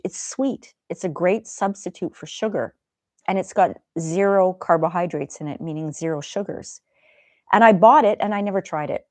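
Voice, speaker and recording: A gentle, chatty middle-aged woman hosting a live stream, talking to viewers and laughing now and then. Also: on the low side, no echo. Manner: gentle, chatty, laughs often, soft asides. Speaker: live stream host reading chat. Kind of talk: casual live stream chat.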